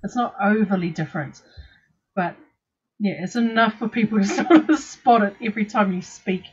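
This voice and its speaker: Woman, raspy voice, dull call audio, casual co-host, quick to laugh. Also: medium pitch. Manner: laughs easily, brief backing remarks. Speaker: vape show co-host. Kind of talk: casual chat.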